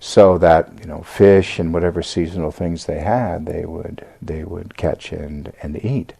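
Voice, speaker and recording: Older man, American accent, dharma talk, gravelly, mellow tone, halting with fillers. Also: low-pitched. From United States. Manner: halting, with many fillers and restarts. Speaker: Buddhist teacher giving a talk.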